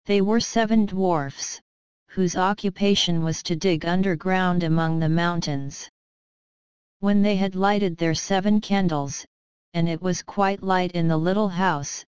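A woman reads a fairy tale in slow, careful scripted narration meant for English learners. Her voice is very clear and smooth and sits slightly low. The recording is dry and close, with no room sound. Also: a little mellow, no room sound, poor audio. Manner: careful, evenly paced reading. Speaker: storybook narrator.

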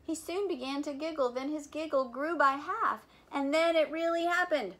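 A woman volunteer reading a picture book aloud for children in an animated, playful way, with chatty asides about the pictures. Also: high-pitched, normal speed. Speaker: volunteer reader.

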